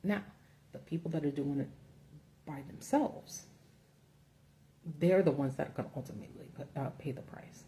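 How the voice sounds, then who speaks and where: A woman's voice: low voice, normal speed, long pauses, warm tone, slight background noise. A woman hosting a casual livestream, ranting bluntly with profanity from notes at home under a ring light. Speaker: political commentary host.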